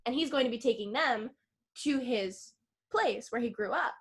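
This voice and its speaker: A woman co-hosting a casual podcast, retelling a film and acting out its lines with animated swings in her voice. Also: on the high side, normal speed. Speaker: podcast co-host.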